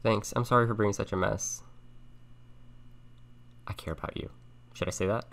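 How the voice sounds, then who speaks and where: Low, gravelly-voiced young man streaming. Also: fairly even intonation, normal speed, noisy background. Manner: thinks aloud, reads on-screen chat messages in a soft conversational voice. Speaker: streamer playing a chat game. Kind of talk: casual let's-play commentary. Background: game music and keyboard typing.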